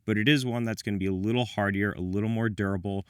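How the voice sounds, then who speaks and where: A man's voice: on the low side, fairly even intonation, quick pace, clear, resonant tone, no room sound, clean studio sound. A man giving a scripted product review with wry, self-deprecating asides. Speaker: menswear reviewer.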